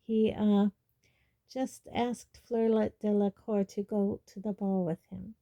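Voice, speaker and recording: A sensible, protective teenage girl, as a woman reader puts her on, brisk and scolding. Her tone is dark and mellow. A storybook reading. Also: medium pitch, steady tone, highs cut off. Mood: soothing.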